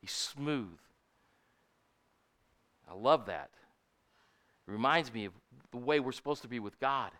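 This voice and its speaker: A man's voice: medium pitch, expressive, measured pace, long pauses, fairly bright tone. An older man preaching a sermon in a folksy, storytelling way, often asking his congregation "Amen?". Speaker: pastor.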